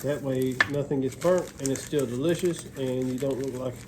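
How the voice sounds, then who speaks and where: A man's voice: medium pitch, moderate pace, background noise. A middle-aged man hosting a home cooking video, giving folksy, rambling instructions to his viewers. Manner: folksy, rambling, repeats himself. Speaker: cooking show host.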